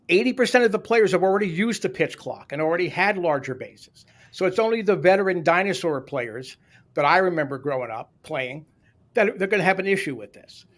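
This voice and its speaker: Opinionated Canadian man, slightly high voice. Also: a bit bright. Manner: sarcastic, opinionated ranting. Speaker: podcast co-host. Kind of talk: casual sports podcast chat.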